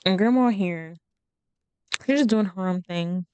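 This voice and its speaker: A woman's voice: lowish voice, a little slow, warm tone, clean tone, muffled recording. A woman casually narrating her life-simulation gameplay in a chatty, rambling way. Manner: chatty, rambling, with fillers and asides. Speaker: game streamer narrating gameplay. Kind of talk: casual let's-play commentary.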